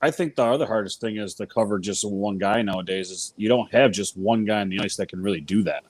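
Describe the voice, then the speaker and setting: Male co-host, fast talker, lowish voice, casual. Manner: quick, restarts words. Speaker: podcast co-host. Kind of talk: casual interview chat.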